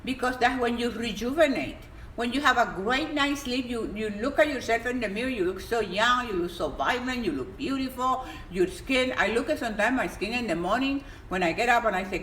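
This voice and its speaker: A woman's voice: a little high, fairly quick, fairly bright tone, roomy sound, low-quality recording. Woman, emphatic health coach, casual stream chat, faint background noise. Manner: emphatic and exuberant, pleading at times. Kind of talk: casual live-stream advice. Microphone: phone on a live stream.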